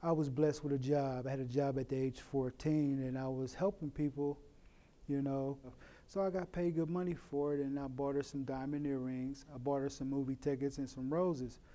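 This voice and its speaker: A middle-aged man from Oakland, telling a personal story in a plain, unhurried way with many "you know" asides. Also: mid-range voice, flat delivery, warm tone. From Oakland, California. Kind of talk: personal story told to camera. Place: in prison.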